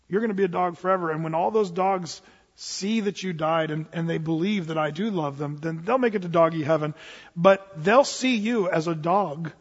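A man's voice: on the high side, breathy edge. A man preaching a sermon, telling a story and acting out both sides of a dialogue. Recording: dull lo-fi sound with long hall reverb.

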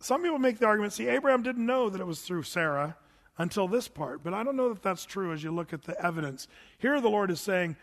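High-voiced preacher in a reverberant hall. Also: male voice, expressive, fast talker, a bit bright. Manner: conversational, joking asides with chuckles. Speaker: pastor. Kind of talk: sermon, verse-by-verse Bible teaching.

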